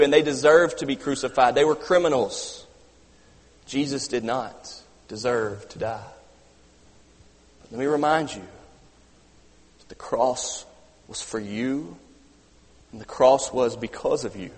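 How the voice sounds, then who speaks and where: A man preaching a sermon, reading scripture aloud and breaking off to comment, swinging from loud urgency to quiet emphasis. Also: medium pitch, a little slow, long pauses. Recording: long hall reverb.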